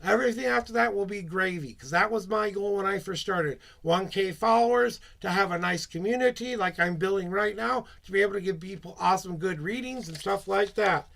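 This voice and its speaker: A man's voice: high voice, fairly quick, vocal fry, hardly any pauses, a bit bright. A man reading tarot on a live stream, chatty, rambling and upbeat as he talks to his viewers.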